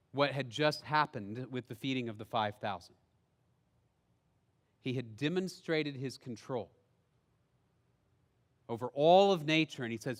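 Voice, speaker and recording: High-voiced male pastor in a reverberant hall. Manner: storytelling, swinging from loud outbursts to hushed, slow phrases. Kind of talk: sermon. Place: church sanctuary.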